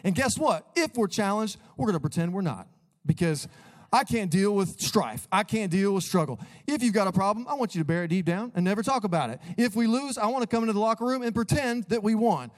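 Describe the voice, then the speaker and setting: A pumped-up sports coach, as a preacher puts him on, shouting a pep talk in a voice pushed far above the speaker's own. He is loud and relentlessly upbeat and will not admit that anything could go wrong. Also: sits high, animated, brisk, voice pushed up. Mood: hyped. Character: overeager male sports coach in denial.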